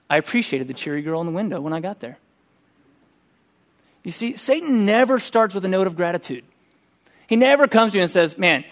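A middle-aged man preaching a sermon, telling a personal story in a conversational, animated way. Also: high-pitched. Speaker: pastor.

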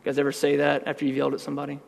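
A man's voice: mid-range voice, completely flat delivery, racing, gravelly, in a large hall. A man pastor giving a sermon, talking conversationally and then building to emphatic outbursts.

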